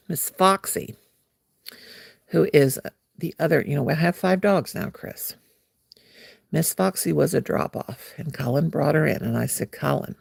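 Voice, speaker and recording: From home, a woman runs a crochet livestream, chatting playfully and drifting into sing-song as she works. Her low voice is creaky, darkish and slightly rough, recorded cleanly in studio quality without room sound.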